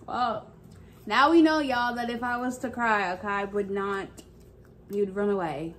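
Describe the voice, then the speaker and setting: A woman's voice: medium pitch, steady tone, a little slow, a bit bright, slight background noise. A woman in a casual vlog, playfully scolding a toddler and talking to viewers. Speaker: parent vlogger. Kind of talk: casual prank vlog talk.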